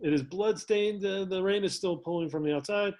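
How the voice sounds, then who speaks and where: A man's voice: sits high, fairly quick, darkish tone. A man reading the stage directions aloud in a casual table read, laughing and stumbling now and then. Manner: reads narration with laughs and slips.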